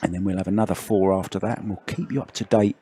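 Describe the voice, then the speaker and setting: A man doing relaxed, chatty play-by-play commentary on a billiards match. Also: low voice, fast talker, a little hiss or hum.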